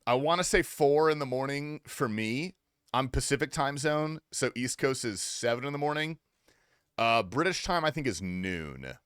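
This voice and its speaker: A young man on a gaming livestream, joking with chat in a loose, swear-laced way. His pitch jumps around expressively. The sound is dry and close to the mic. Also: expressive, moderate pace, fairly bright tone, clean tone, no room sound. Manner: loose, profane, teasing banter with chat. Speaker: streamer. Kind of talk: casual gaming livestream commentary.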